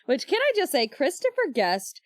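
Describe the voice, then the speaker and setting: Young woman, podcast co-host, higher voice, animated, dry close sound. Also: normal speed, no echo. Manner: animated, reads quotes in character voices. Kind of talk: casual book club chat.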